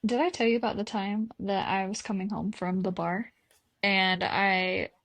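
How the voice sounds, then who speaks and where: A young woman co-hosting a casual podcast, telling stories in quick, dramatic bursts over a remote recording. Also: medium pitch, fairly even intonation, a bit bright, no room sound. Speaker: podcast co-host. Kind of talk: casual chat.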